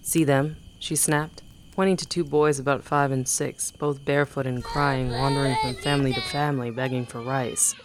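A man narrating a first-person memoir in an even, measured reading voice. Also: mid-range voice, heavy background noise.

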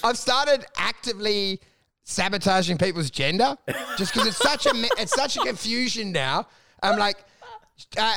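A young man with a high, gravelly voice and a bright, tense edge, co-hosting a casual comedy podcast. He tells animated stories, leaps up in pitch to act out other people, and laughs through his lines. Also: normal speed. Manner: animated storyteller, acts out quotes with big pitch jumps, laughs often.

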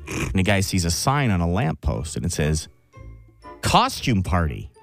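A man's voice: deep voice, huge pitch swings, a little slow, creaky, faint music behind. A man co-hosting a morning radio show, telling a long rambling joke in casual banter and laughing at his own punchline. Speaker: radio co-host.

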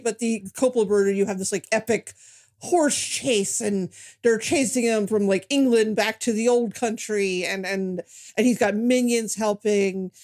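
Woman chatting with dry, halting humor. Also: fairly high pitch, darkish tone. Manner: hesitant, many restarts, dry humor. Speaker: podcast co-host. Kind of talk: casual film chat.

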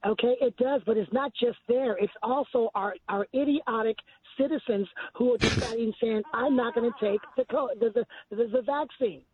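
A woman's voice: fairly high pitch, moderate pace. Indignant woman calling in by phone. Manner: indignant, argumentative. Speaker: caller. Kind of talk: heated call-in argument. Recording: tinny phone line.

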